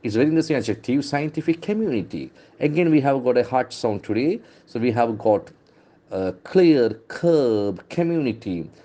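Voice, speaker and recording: Drawing on newspaper headlines, this English trainer drills pronunciation slowly, repeating words and spelling them out one letter at a time. He speaks with an Indian English accent in an expressive, mid-range voice with a dark tone.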